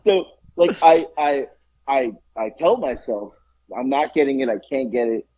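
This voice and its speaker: Husky man telling a lively story. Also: medium pitch, moderate pace, no echo, lo-fi sound. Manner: animated storyteller acting out both sides of a conversation. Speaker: podcast co-host. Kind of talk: casual chat, storytelling.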